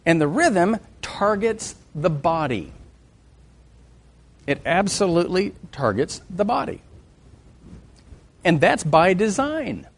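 A middle-aged man leads a church music lesson in a fairly high voice. He talks with lively energy, joking with his listeners and breaking into sung and hummed examples to make his point. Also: slow pace, creaky, pauses often. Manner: animated, sings and hums examples, jokes with the class. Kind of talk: teaching a class on music and faith.

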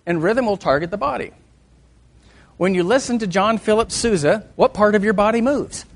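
A middle-aged man teaching a class on music and faith, lively and joking, breaking into sung and hummed examples. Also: sits high, moderate pace. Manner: animated, sings and hums examples, jokes with the class.

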